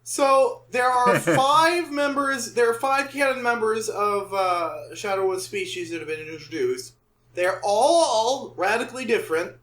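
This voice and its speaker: A man's voice: high-pitched, a little slow, a bit bright. A man chatting on a podcast, ranting in an exasperated way and swearing freely. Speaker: podcast co-host. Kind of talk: casual podcast chat.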